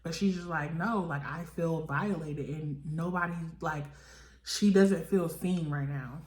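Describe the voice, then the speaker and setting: A young woman with a low voice talks through a reality-show episode in a loose, chatty way, leaning on fillers and slipping into the cast's lines. The sound is roomy and echoey. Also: a little slow, darkish tone. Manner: chatty, filler-heavy, voices the cast in quotes. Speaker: reality TV recap vlogger. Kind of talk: casual episode recap. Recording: echoey room.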